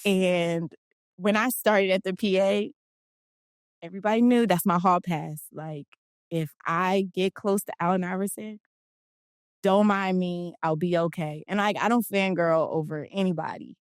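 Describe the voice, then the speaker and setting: A woman from Philadelphia, a guest telling an animated story in a casual interview and acting out the quotes. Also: fairly low pitch, a little slow, clear, resonant tone, dry recording, studio quality. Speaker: guest, basketball players' union director.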